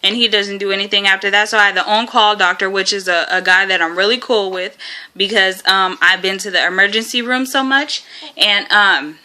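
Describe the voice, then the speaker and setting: Young woman, very bright voice, rambling casual storytelling, lots of ums and laughs. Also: medium pitch, a little fast. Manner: rambling, many fillers, laughs often. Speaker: vlogger.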